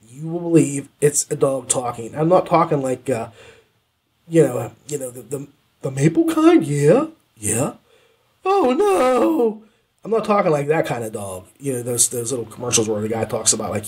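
Husky-voiced man enthusing in a review. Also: mid-range voice. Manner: enthusiastic, repeats words for emphasis; rambling, conversational asides. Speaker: podcast host reviewing audiobooks. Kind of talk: casual spoken review.

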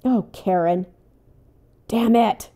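An older woman narrates her own gameplay in an easy, unhurried way, her voice soft and mellow. She mutters and whispers to herself when things get tense, then bursts out loudly when surprised. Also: mid-range voice. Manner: talks to herself, swings from hushed whispers to loud outbursts. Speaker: gaming channel host. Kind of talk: casual let's-play commentary.

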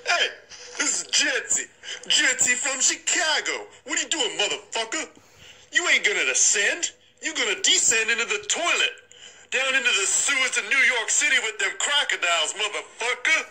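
A man's voice: extremely high pitch, sing-song, moderate pace, sharp tone, full character voice, low-quality recording. A man voicing a brash, foul-mouthed hothead who rants profanely in a comedy phone message. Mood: taunting. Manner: profane, aggressive ranting.

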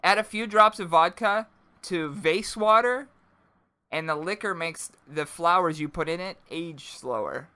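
A man's voice: on the high side, a little slow, sharp tone, smooth. A man in his twenties co-hosting a casual podcast, joking through a mock ad read. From Pennsylvania, USA. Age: 20s. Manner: jokey, mock-announcer ad reads. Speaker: podcast co-host.

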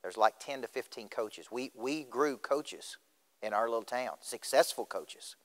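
A man's voice: mid-range voice, measured pace, fairly bright tone. A middle-aged man giving a motivational speech, questioning the audience directly. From Tennessee. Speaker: motivational speaker. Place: school auditorium. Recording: reverberant auditorium.

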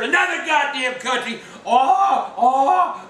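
An older man on a phone call to customer service, irate and profane, swearing and shouting. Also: a little high, moderate pace. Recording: echoey room, faint ambience.

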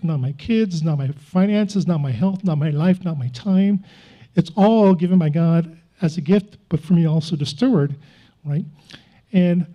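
A man's voice: high voice, dark tone, dull audio. A man preaching a sermon as a pastor, telling a personal testimony in an earnest, confessional way with self-mocking chuckles.

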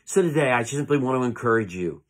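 A middle-aged pastor preaching in an earnest, halting way, circling back over his words. His voice has a husky, slightly breathy grain at a mid pitch. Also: expressive. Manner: earnest, halting delivery with many repeated words. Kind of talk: sermon. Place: church sanctuary.

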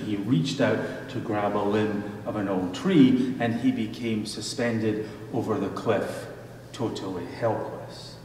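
A male pastor reading scripture and preaching a sermon in a measured storytelling manner, recorded from afar in a church sanctuary. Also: lowish voice, a little mellow, a little hiss or hum. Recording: echoey church hall from far off.

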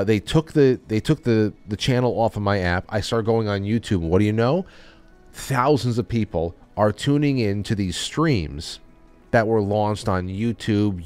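A man's voice: fairly low pitch, darkish tone, smooth, dry recording. A man hosting a podcast, talking in a loose, rambling way with many restarts. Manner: rambling, with frequent restarts and trailing off. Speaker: podcast host. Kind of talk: casual chat.

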